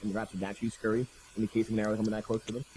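Male player, quick and mellow, faint background hiss. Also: fairly low pitch, little pitch movement, poor audio. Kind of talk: casual tabletop play.

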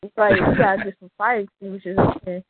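A woman's voice: medium pitch, level tone, fast talker, no room sound. Woman, rap battle host, hyped emphatic calls, dry tinny phone sound.

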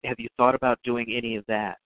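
A male radio host asks questions in a relaxed, halting way, often repeating words before he gets to the point. His voice comes through a tinny, phone-like line with a dry sound. He sits at a mid pitch for a man. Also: no echo. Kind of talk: casual radio interview.

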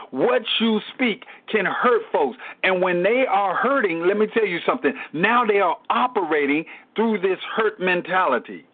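A man's voice: high-pitched, lively intonation, unhurried. A man, a pastor, teaching a Bible study in a repetitive preaching style, breaking in with calls to God. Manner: repetitive call-and-response preaching with exclamations to God. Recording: narrow tinny phone-line sound.

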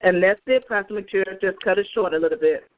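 A woman's voice: medium pitch, fast. A woman giving fervent testimony over a tinny phone line. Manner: fervent, emphatic, talks straight to listeners. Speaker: evangelist. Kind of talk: spoken testimony on a prayer call.

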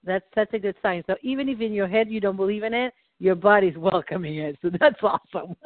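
A woman's voice: medium pitch, fairly quick, background noise. A woman coach guiding a client through a tapping session, encouraging and giving phrases for him to repeat. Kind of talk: guided tapping session over a call. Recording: tinny dry call line.

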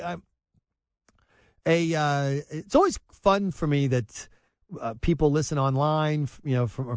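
Animated, sarcastic male radio host. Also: no room sound. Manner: sarcastic, mocking, acts out shrill scolding voices. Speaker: radio talk show host. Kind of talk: talk radio monologue.

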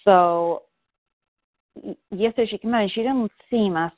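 A woman's voice: medium pitch, moderate pace, no room sound. A woman, a parent, talking candidly on a call, rambling and self-reflective with many fillers and restarts. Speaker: parent seeking guidance. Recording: dry, tinny phone line.

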